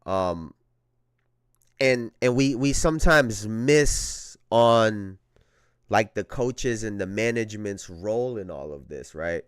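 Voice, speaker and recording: A man's voice: lowish voice, expressive, takes it slowly, clear, resonant tone, dry recording, clean studio sound. A man hosting a casual basketball talk show, talking in a slangy, conversational way and often repeating phrases. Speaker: podcast host.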